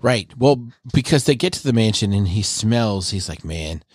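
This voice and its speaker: A man's voice: fairly low pitch, lively intonation, moderate pace, husky, no echo, studio quality. A man co-hosting an anime review podcast, casually retelling scenes and quoting the characters. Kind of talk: casual chat.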